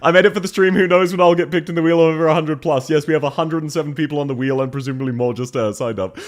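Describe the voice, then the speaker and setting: A man's voice: a little high, steady tone, quick pace, faint music behind. A male streamer chatting casually with his viewers, laughing often and thanking them, slightly congested and coughing. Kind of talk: casual live stream chat.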